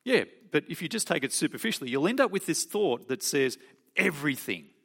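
A man preaching a sermon, expressive, acting out quoted lines and dropping into soft asides. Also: fairly high pitch, a little fast, vocal fry, husky.

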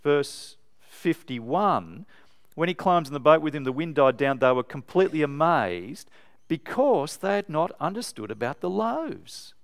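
A man preaching an animated, emphatic sermon to a live congregation in a church. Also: on the high side, a little slow, gravelly.

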